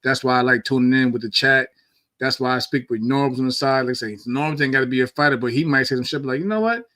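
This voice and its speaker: Bright-voiced man in casual chat. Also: medium pitch, little pitch movement, fast, no echo. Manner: loose, repetitive restarts, slangy. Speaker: podcast co-host, former boxer.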